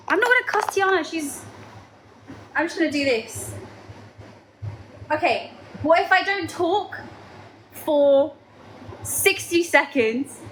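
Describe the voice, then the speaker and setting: High, bright excitable young woman. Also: a little hiss or hum. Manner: excitable, dramatic banter with chat. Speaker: livestreamer. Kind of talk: late-night livestream chat with viewers.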